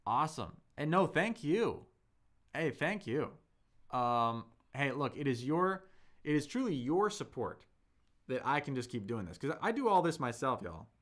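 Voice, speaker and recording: A man hosting a live-stream Chinese lesson, slowly explaining pronunciation with lots of fillers and thanking viewers in the chat. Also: medium pitch, big pitch swings, a bit bright. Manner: slow, drawn-out speech with many fillers, demonstrating sounds.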